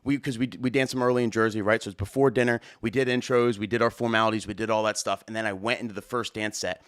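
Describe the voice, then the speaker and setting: A young adult man, a wedding DJ hosting his own show, tells a story casually, with a rambling, excitable delivery full of fillers and swearing. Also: fairly low pitch, fast, smooth, dry recording, studio quality.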